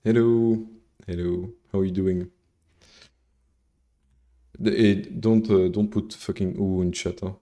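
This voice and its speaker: Unhurried and steady, with long pauses, a deep, mellow male voice talks through a live coding session. The speaker, whose first language is French, rambles, swears casually and chats with viewers between steps.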